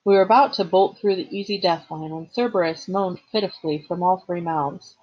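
Husky lady teacher reading a book aloud, lowish voice, muffled lo-fi sound. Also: a little fast. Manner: expressive storytelling, occasional slips and rereads.

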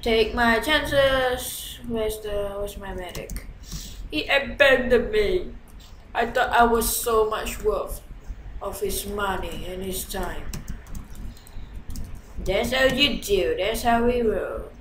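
A woman giving live commentary over her own gameplay, chatty and excitable, swinging from low mutters to sudden shouts. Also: slow, roomy sound, slight background noise, rough recording. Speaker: gamer.

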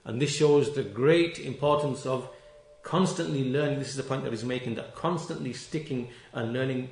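A man's voice: medium pitch, moderate pace, gravelly, a little mellow. Emphatic male religious lecturer, roomy sound. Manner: emphatic, repeats key phrases, stretches words for stress; stern and reproachful toward critics. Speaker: Islamic lecturer.

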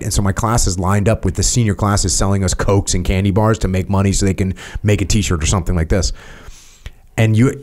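Male podcast guest, low voice, lively storyteller, acts out quotes. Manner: animated, acts out quotes loudly. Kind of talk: casual storytelling chat.

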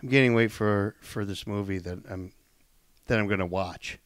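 A man co-hosting a podcast in casual chat, joking in a deadpan, provocative way. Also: fairly low pitch, normal speed, no echo. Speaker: podcast co-host.

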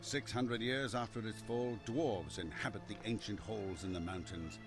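Grave epic storyteller voiced by a man for a fantasy game cutscene, measured and solemn, with loud music under it. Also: on the low side, close to an everyday voice. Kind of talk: scripted narration.

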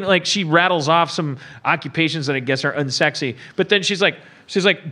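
A man's voice: a little high, brisk, hardly any pauses, bright, forceful tone. A middle-aged man ranting comedically about a movie on a podcast, swearing and mimicking characters.

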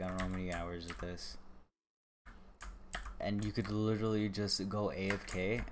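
A low-pitched young man streams a game and chats casually, rambling, getting worked up, and teasing whoever he's talking to. The background is noisy, with game music and keyboard typing playing beneath his voice.

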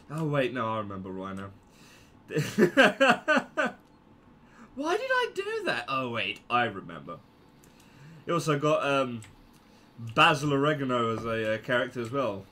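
A man giving casual gameplay commentary, excitable, yelping and joking as he plays. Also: mid-range voice, slight background noise.

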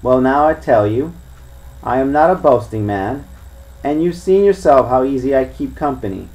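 A man reading the part of a crafty older male pirate who coaxes and lectures his crew in rough sea talk. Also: mid-range voice, expressive, moderate pace, darkish tone, dull audio, natural voice. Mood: boastful.

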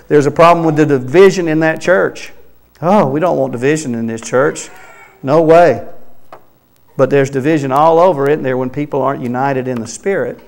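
Male pastor, gravelly voice, church sermon, rises loud then drops soft. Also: medium pitch. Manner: swings between loud emphatic bursts and soft hushed phrases. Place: church sanctuary.

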